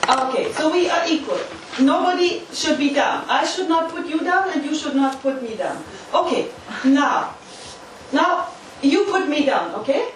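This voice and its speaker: Woman, lecturer, emphatic and animated, high voice, distant mic, very echoey hall. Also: a little slow. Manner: emphatic, uses volunteer demonstrations. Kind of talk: interactive lecture. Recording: echoey hall from far off, faint noise.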